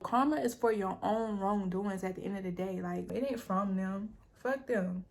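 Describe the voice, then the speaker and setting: A woman's voice: mid-range voice, normal speed, darkish tone. A young woman hosting a vlog, telling a story in blunt, profane, casual chat. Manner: blunt, profane, streetwise talk. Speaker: vlog host.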